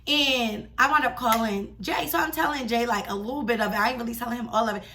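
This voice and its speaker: High bright animated young woman. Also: fast talker, far from the mic, a little hiss or hum. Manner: animated, chatty, slangy storytelling. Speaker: vlogger. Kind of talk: casual storytime vlog.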